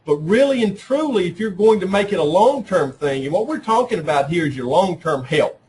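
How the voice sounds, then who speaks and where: A man's voice: high-pitched, animated, brisk, a little mellow, slight background noise, poor audio. A man presenting at a workshop, talking in a conversational way, often checking in with "right?" and making jokes at his own expense. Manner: conversational, keeps asking "right?"; self-deprecating humor. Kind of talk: informal talk at a professional development session.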